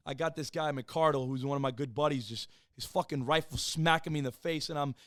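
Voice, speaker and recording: A man in his thirties, a podcast guest, telling his own story in a casual, profane, animated way and acting out the people he quotes. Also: on the high side, a little fast, no room sound, clean studio sound. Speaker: podcast guest, former Marine and police officer.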